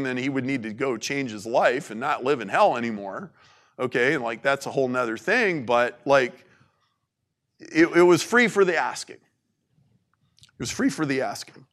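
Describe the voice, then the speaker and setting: A man giving an informal faith talk to an audience, animated and conversational, with plenty of "like"s. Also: medium pitch. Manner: animated, conversational preaching with many "like"s.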